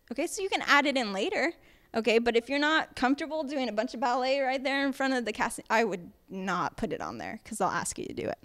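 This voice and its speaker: A woman's voice: high-pitched, lively intonation, fairly quick, a bit bright. A woman teaching an acting workshop, speaking emphatically and chattily with frequent fillers and check-ins with the room. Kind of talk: workshop lecture.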